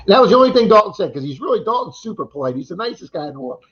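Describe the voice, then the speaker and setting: Man, casual storytelling, rapid talk, somewhat high voice, animated retelling, slightly dull lo-fi stream audio. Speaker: livestream chat co-host.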